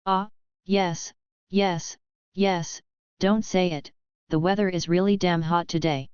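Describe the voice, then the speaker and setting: A man's voice: high voice, fairly even intonation, slow pace, clear, resonant tone, no room sound. A woman voicing a nervous, fawning young crook who grovels and swears, in a dull lo-fi audiobook recording. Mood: flustered.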